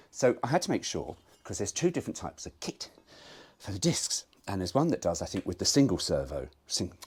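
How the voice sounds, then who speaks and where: A man's voice: on the low side, darkish tone, husky. A man rambling through a casual car-repair vlog, self-mocking and swearing freely. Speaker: car restoration vlogger.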